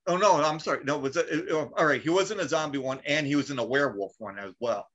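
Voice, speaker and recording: Man co-host, bright forceful tone, loose and profane, dull lo-fi recording. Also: a little high, fast talker. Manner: swearing, laughing, acts out quotes. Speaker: podcast co-host. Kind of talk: casual chat. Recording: dull lo-fi sound.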